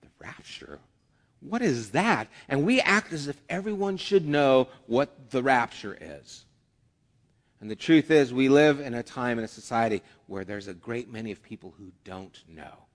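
A man's voice: medium pitch, expressive, normal speed. A man preaching a conversational sermon as a pastor, with acted asides. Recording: long hall reverb.

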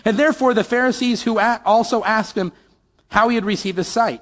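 A man's voice: high voice, fairly quick, fairly bright tone, long reverb tail. A man preaching a sermon, conversational and questioning, asking the audience to call out answers. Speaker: pastor.

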